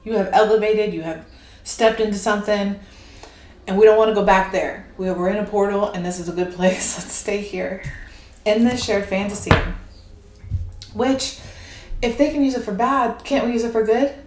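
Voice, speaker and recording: A woman tarot reader talking in an animated, rambling way and laughing often. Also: medium pitch, moderate pace. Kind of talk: casual spiritual monologue. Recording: echoey room with faint noise.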